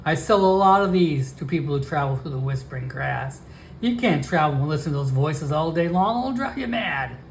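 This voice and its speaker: A man's voice: fairly high pitch, animated, normal speed, vocal fry, a little hiss or hum. Guy putting on a chatty merchant alchemist, sing-song salesman voice, lays it on thick. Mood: coaxing. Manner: wheedling sales patter, calls everyone my friend.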